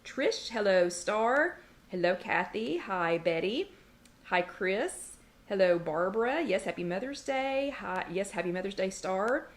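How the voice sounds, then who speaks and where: A woman's voice: medium pitch, lively intonation, a little slow. Chatty woman hosting a livestream. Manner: chatty, greets viewers by name and reads their comments aloud; breaks off to scold her dog. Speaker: host of a weight-loss support livestream. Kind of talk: casual livestream chat. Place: home kitchen.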